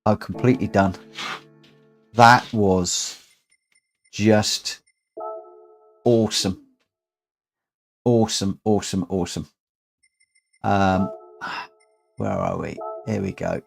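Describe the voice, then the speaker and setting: Excited man streaming a racing game. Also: deep voice, takes it slowly, long pauses, soft background music. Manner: excited, breathless, heartfelt. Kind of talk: live game commentary. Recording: clear background noise.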